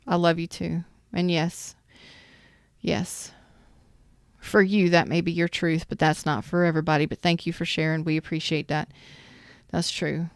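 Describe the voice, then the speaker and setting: A woman's voice: on the low side, little pitch movement, moderate pace, pauses often, dry recording, clean studio sound. A woman giving a live tarot reading in a chatty, emphatic way and greeting viewers in the chat. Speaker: tarot reader.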